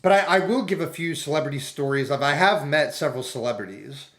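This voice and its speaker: Man rambling through funny anecdotes, slightly high voice. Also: fast talker, a bit bright. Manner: rambling storytelling, voices other people in anecdotes. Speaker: streamer. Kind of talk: rambling casual chat.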